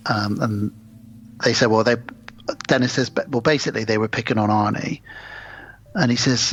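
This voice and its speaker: Husky man recapping a film. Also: medium pitch, a little fast. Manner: retelling a film plot with acted quotes, sweary. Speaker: podcast co-host. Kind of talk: casual film recap chat. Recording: dull lo-fi podcast audio.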